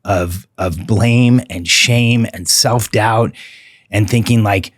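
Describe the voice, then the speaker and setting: A middle-aged man speaks as a podcast guest in a low, husky voice, earnest and heartfelt. He slows down to press on the words that matter. The sound is close and dry, with no room around it. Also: no room sound. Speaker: podcast guest, relationship coach. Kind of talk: candid interview talk.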